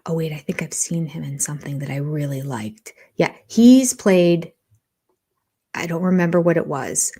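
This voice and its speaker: An older woman hosting a casual live stream from home. She chats and thinks aloud as she reads viewer comments, and often drops into soft half-whispered asides. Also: sits low, expressive, moderate pace, slightly rough. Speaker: reality TV livestream host.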